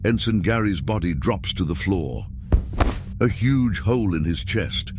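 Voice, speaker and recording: A man with a low voice reads sketch narration in a deadpan, even manner. A clear hiss of noise sits under the recording. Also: measured pace. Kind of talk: scripted narration.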